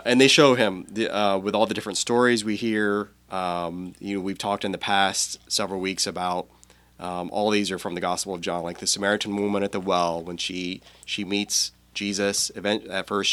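A priest in a relaxed conversation, retelling gospel stories step by step. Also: male voice, low voice, normal speed. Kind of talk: casual theological conversation.

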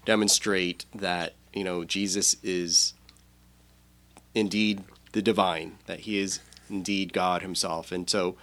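A priest in a relaxed conversation, retelling gospel stories step by step. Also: male voice, sits low, slow. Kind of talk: casual theological conversation.

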